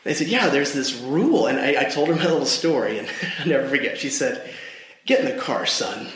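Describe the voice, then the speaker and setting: A man's voice: medium pitch, expressive, brisk, heavy background noise. Earnest man telling a story in an echoey room. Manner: earnest storytelling, addressing listeners directly. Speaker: devotional speaker. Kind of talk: personal story in a church devotional.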